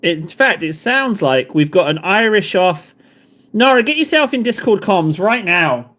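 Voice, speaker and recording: Chatty, self-mocking male streamer, lively rising and falling, a bit high, can't say th. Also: unhurried. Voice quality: says f or t for th. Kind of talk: casual live-stream chat.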